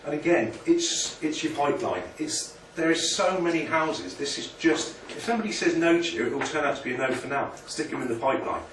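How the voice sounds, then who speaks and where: A man's voice: on the high side, brisk, few pauses, fairly bright tone, slight background noise. A man giving an informal, motivational business presentation to a room of people, chatty and self-deprecating. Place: meeting room with an audience. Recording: echoey room, picked up from a distance.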